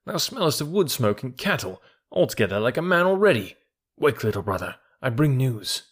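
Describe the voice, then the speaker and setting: A man's voice: mid-range voice, very animated, fairly quick, breathy edge. A man voicing a loyal, anxious young male wolf who speaks earnestly in old-fashioned words. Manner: earnest, archaic speech.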